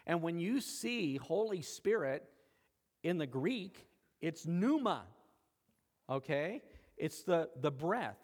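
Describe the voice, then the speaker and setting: A man's voice: very animated, slow pace, long pauses, a little mellow. Man preaching in an echoing hall. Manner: conversational preaching with sudden rises in pitch and volume. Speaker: pastor. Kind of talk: sermon.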